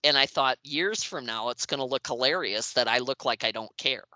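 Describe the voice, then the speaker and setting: Bright-voiced woman in her sixties telling stories. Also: a bass voice, normal speed, no room sound, poor audio. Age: 60s. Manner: lively, acts out quoted voices, laughs often. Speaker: interview guest, music writer. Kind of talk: anecdotal storytelling in an interview.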